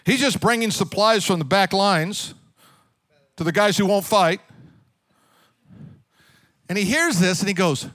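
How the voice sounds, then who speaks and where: Brief: high-voiced male pastor, animated storyteller, dry close mic. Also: a little slow, long pauses, no echo. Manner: animated storytelling, direct questions to the congregation. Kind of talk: sermon.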